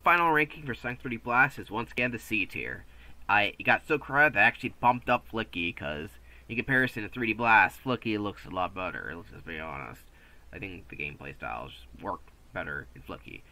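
Bright, chatty male game reviewer. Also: lowish voice, lively intonation, fairly quick, poor audio. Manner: chatty, offhand, with restarts and asides. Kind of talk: casual video game review voice-over.

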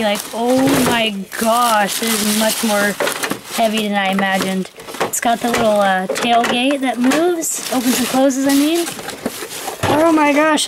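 A young woman filming an excited unboxing vlog at home, gushing with breathless exclamations. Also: on the high side, background noise. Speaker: toy collector vlogger.

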